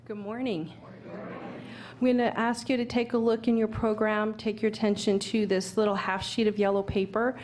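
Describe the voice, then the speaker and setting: A woman minister making calm, friendly church announcements with small pauses, in a sanctuary. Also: mid-range voice, slight background noise.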